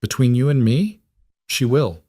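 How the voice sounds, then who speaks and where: A man's voice: mid-range voice, lively intonation, measured pace, mellow, breathy edge, no room sound, voice pushed up. A man voicing a shrewd, direct society wife who speaks bluntly. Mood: blunt candor.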